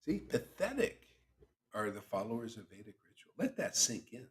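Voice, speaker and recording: A spiritual teacher hosts a devotional chanting livestream, preaching in a casual, slangy, teasing manner and laughing often. His fairly low voice moves at a moderate pace with huge swings in pitch.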